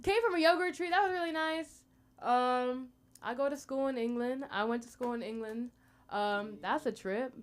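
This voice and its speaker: A woman's voice: sits high, moderate pace, clean tone. A young American woman doing rambling stand-up at an open mic, chatty and full of fillers. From United States. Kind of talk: stand-up comedy.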